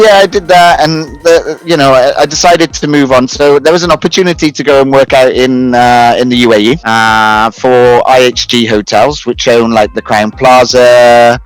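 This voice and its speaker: This medium-pitched voice belongs to a man from the United Kingdom in his thirties, a talk-show guest rambling through his career story. He restarts often, uses lots of fillers, and laughs at himself in casual conversational storytelling, heard over poor audio.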